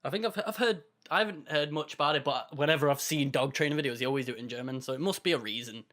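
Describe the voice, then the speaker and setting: A man's voice: medium pitch, very fast, a bit bright. A man co-hosting a podcast, chatting in an easygoing, rambling way. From United Kingdom. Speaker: podcast co-host. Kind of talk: casual chat.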